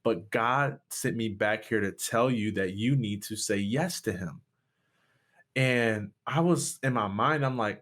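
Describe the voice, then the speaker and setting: A man's voice: medium pitch, unhurried, a bit bright. A man from Michigan, a pastor, telling a personal story in an interview with rising passion. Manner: impassioned, voice rising sharply at peaks. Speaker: guest, pastor and speaker.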